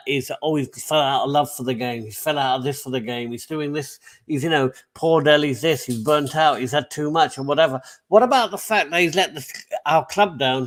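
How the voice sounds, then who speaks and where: Brief: male co-host, passionate fan rant, average pitch, hammers his points home. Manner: emphatic, repeats points for effect. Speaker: podcast co-host and football fan.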